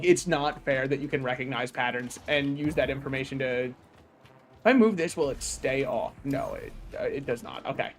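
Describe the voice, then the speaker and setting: A man streaming a video game, talking through puzzles in a loud, projecting voice with joking, self-mocking asides. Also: mid-range voice. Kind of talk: casual gameplay livestream commentary.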